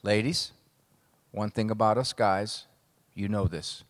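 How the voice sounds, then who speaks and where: A middle-aged man, a psychologist, giving a humorous speech to a live audience with wry, punchy, deadpan jokes. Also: on the low side, slow pace. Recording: long hall reverb.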